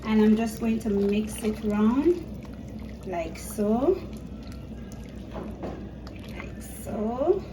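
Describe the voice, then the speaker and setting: A Jamaican woman chats and teases as she cooks, her voice fairly high and her pace slow and easy. She sounds a little far from the mic in an echoey kitchen, with a faint hum of home sound behind her. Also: lively intonation. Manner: chatty and teasing, talks straight to viewers. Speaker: cooking vlogger. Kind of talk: casual cooking chat.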